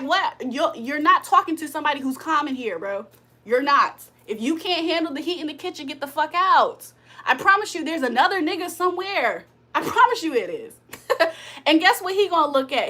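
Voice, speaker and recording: A woman with a high, bright voice chats on a livestream. She hosts spiritual card readings but talks bluntly, swears freely and vents her annoyance at her audience. Her delivery is loose and unscripted. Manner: blunt, profane, annoyed venting with frequent laughs. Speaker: spiritual reader and livestream host. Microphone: streaming setup.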